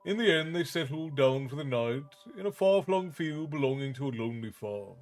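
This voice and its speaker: A man's voice: on the high side, normal speed, faint music behind. A man reading a story aloud on a livestream, theatrical and dramatized, chatting between passages. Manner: animated, theatrical.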